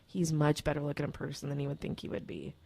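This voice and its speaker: Animated woman radio co-host telling a story. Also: sits low, fast, creaky. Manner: animated storyteller, acts out quotes. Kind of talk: casual radio chat, storytelling.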